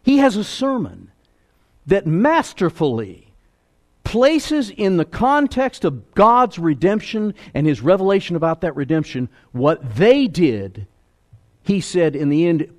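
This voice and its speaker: Preacher, male, high voice with big swings in pitch; dramatic, alternates loud with hushed. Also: big pitch swings, unhurried. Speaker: pastor. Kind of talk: sermon.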